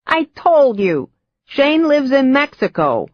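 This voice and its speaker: A cackling woman in her seventies with a Boston accent, wary and curt as she snaps at visitors through a door. Her voice jumps up high and thin. The recording sounds a little dull and dry. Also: big pitch swings, slow pace, no echo, heavily acted. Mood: suspicious. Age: 70s. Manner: curt, suspicious, dismissive. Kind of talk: audiobook character voice.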